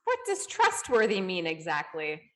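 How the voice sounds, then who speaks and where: A woman co-hosting a casual podcast, speaking in a measured, reflective way with casual "you know" fillers. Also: on the low side, huge pitch swings, a bit bright. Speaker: podcast co-host.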